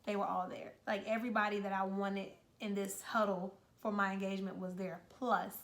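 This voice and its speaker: A woman's voice: mid-range voice, level tone, fairly quick, a bit bright. A young woman co-hosting a casual couch chat, talking in a chatty, teasing way. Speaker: co-host of couple's channel.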